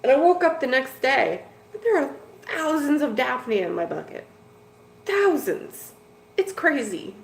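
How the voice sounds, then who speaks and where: A woman's voice: high-pitched, very animated, normal speed, vocal fry. A woman hosting a casual fish-keeping live stream from a home room full of tanks, rambling along to her viewers with plenty of "like" and "dude". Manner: rambling and chatty, with lots of "like" and "dude". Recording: echoey room with faint noise.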